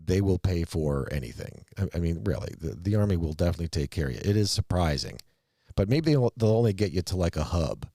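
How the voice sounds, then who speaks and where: A man co-hosting a casual movie-review podcast, talking in long, animated, rambling stretches. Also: sits low, fast, vocal fry, no room sound. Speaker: podcast co-host.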